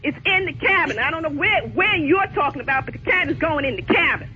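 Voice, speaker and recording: A woman's voice: sits high, animated, quick pace. Stubborn indignant woman on the phone, won't budge, says the same thing over and over; dull muffled line with faint hiss. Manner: indignant, stubborn, keeps repeating herself. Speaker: prank call target. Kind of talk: phone call.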